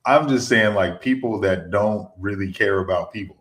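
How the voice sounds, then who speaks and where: Brief: male financial advisor, very deep voice, rambling casual talk, roomy echo on the mic. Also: moderate pace, fairly bright tone. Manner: rambling, repeats words while searching for a thought. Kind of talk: casual podcast conversation. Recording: echoey room sound.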